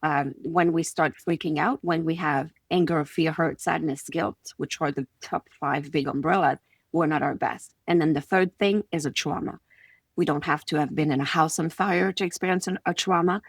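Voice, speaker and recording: A woman from Quebec City with a Quebec French accent, a native French speaker, speaking as a podcast guest and confidence coach, lively, acting out little scenes. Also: sits low, normal speed, creaky, slightly rough, dry recording, studio quality. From Quebec City, Canada. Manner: animated, acts out little scenes in quoted voices. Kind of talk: conversational podcast interview.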